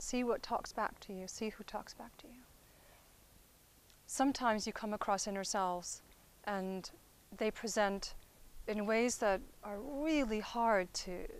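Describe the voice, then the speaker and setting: A woman therapist explaining inner-child healing work in a conversational teaching style. She checks in with her listeners as she goes and often softens into gentle, quiet phrasing. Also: medium pitch, poor audio. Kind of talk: instructional talk.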